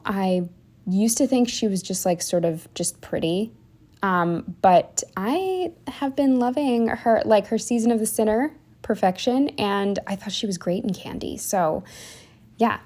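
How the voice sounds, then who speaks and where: A woman's voice: medium pitch, a little mellow. Rambling, chatty woman vlogger. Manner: rambling, chatty, many "like" fillers and trailing sentences. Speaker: planner vlogger. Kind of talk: casual voice-over walkthrough of a planner spread.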